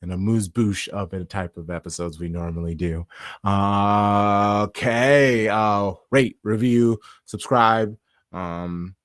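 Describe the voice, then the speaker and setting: A man's voice: on the low side, takes it slowly, no echo, clean studio sound. Playful man hosting a sports podcast. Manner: playful, hype-style show intro. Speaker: podcast host. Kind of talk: casual sports podcast chat.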